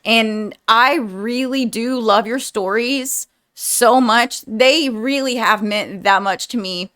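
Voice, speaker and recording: A woman's voice: on the high side, slow. Chatty woman vlogger, rambling and heartfelt. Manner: rambling and chatty, says "like" often; warm and heartfelt toward viewers. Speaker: movie reaction vlogger. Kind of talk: casual chat to viewers.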